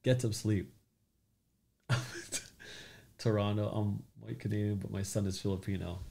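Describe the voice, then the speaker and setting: Creaky-voiced man hosting a chatty stream. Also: fairly low pitch, fairly even intonation, measured pace, pauses often, dark tone. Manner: loose, joking, greets commenters by name. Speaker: crypto livestream host. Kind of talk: casual livestream chat reading comments.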